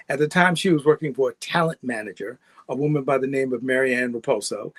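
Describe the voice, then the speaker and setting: A middle-aged man from New York, a guest actor telling his story in a relaxed, rambling way and laughing often. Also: mid-range voice, no echo. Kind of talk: casual interview storytelling.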